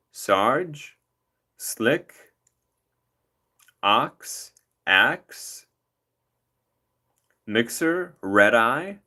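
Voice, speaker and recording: A man's voice: mid-range voice, pushed and bright. A man hosting a livestream, chatting casually with rambling jokes. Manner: rambling, joking, playful. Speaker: livestream host.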